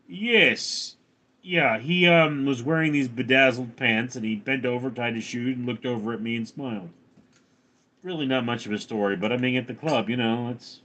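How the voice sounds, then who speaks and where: A man's voice: medium pitch, moderate pace, sharp tone. A man hosting a casual livestream, reading viewer comments aloud and answering with jokes. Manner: jokey, answers chat in put-on voices. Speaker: livestream host.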